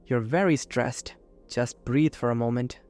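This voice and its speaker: Man putting on a gentle motherly voice for an ancient sith lady's spirit in a holocron, smooth and raised, soft music behind. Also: mid-range voice, a little slow, lightly acted. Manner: gentle, warm, motherly patience.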